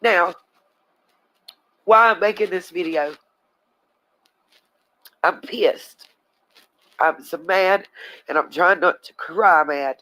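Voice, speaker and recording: A woman's voice: on the low side, takes it slowly, pauses often, sharp tone, rough recording. Woman host, livestream commentary, blunt and heated. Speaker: channel host.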